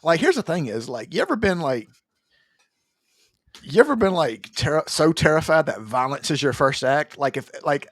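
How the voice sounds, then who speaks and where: A man, co-hosting a casual podcast, jokey and excitable, with the occasional swear. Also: on the high side, normal speed, dry recording, clean studio sound. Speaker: podcast co-host. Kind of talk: casual chat.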